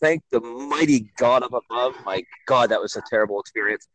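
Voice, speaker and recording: A man's voice: medium pitch, brisk, a bit bright, poor audio. A man co-hosting a podcast, telling a work story in casual chat with an exasperated manner. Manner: exasperated, storytelling with acted quotes. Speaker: podcast co-host, grocery store worker.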